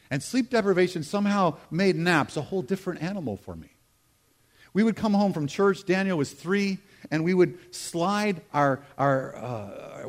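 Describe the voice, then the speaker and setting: A middle-aged man from the United States delivers a sermon in a church. His tone is conversational and humorous, with quick asides to the congregation. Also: a little high. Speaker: pastor. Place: church sanctuary.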